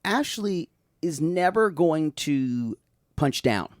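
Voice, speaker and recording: On the high side and very animated, this man co-hosts a podcast, recapping things in a loose, rambling chat with frequent restarts and quick impressions. The audio is studio quality with no echo.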